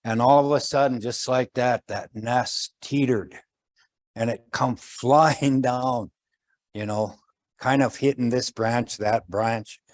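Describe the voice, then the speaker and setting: A man telling a traditional winter story in a slow, gentle way, pausing often and voicing the characters. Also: mid-range voice, fairly even intonation.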